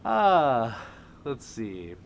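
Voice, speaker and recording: Animated laughing male stream host. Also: mid-range voice, very slow, vocal fry, slight background noise. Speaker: livestream host. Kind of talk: casual livestream chat, reading viewer comments.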